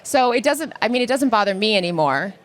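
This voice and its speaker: A woman in her forties, co-hosting a live podcast and answering listener questions in a quick, chatty way. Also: on the high side, expressive. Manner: fast-talking, chatty. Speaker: podcast co-host. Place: live stage event.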